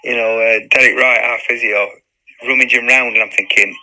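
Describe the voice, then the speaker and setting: A man in his fifties, a former footballer and interview guest, telling a story in lively chat, acting out quotes and swearing freely. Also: mid-range voice, fairly quick, poor audio.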